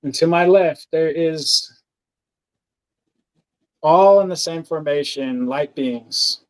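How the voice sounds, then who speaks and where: A man, a podcast guest, telling a personal story earnestly and haltingly, with many fillers and restarts. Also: on the high side, smooth, rough recording.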